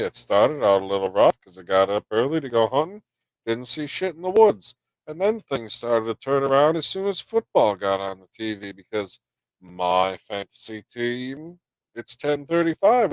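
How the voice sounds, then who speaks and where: A man's voice: medium pitch, a little mellow, dry recording. A stuffed-up man hosting a late-night live stream, rambling loosely and swearing between thoughts. His voice sits in a middle register, recorded dry and close on a desktop mic with no room sound. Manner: rambling, swearing, reading chat aloud. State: stuffed-up nose. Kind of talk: casual live stream chat.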